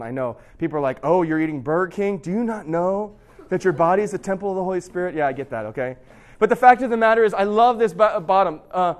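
Young male preacher, fairly high voice, conversational sermon, swings loud and hushed. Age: young adult. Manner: animated storytelling, drops to a hush for drama; conversational, addresses audience directly.

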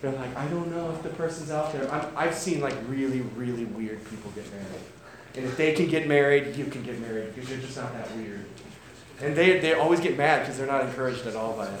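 In a hall with a roomy echo and faint background noise, a young man pastors his congregation through a sermon that feels like a conversation. His mid-range voice runs a little fast, with joking asides and frequent "right?" checks.

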